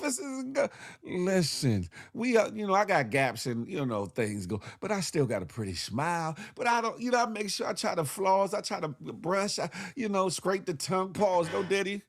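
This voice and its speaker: A man hosting a morning show with comedic news commentary, animated, slangy and repeating himself as he jokes. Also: high-pitched, moderate pace.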